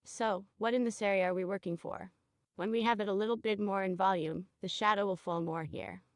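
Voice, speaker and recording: A woman teaching a cosmetology procedure, guiding a student step by step and checking in with quick questions. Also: mid-range voice, fairly even intonation, dry recording, studio quality. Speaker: cosmetology instructor. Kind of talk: hands-on training demonstration.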